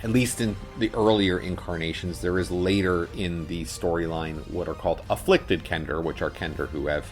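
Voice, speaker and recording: A man with a very low voice co-hosts a tabletop gaming podcast. His talk is casual and rambling, full of fillers and restarts, with faint music underneath. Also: steady tone, moderate pace, hardly any pauses. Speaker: podcast co-host. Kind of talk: casual chat.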